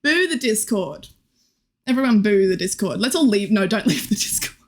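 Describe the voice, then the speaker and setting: A woman's voice: medium pitch, very animated, moderate pace. A young woman streaming live, chatting casually and greeting viewers, giggly and scattered, her voice a little worn. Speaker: Twitch streamer.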